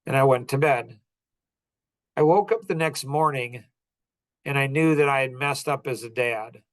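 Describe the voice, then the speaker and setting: A man's voice: mid-range voice, moderate pace, no room sound. A middle-aged man hosting a podcast, telling a personal story in an earnest, heartfelt way, often restarting his sentences. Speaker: podcast host.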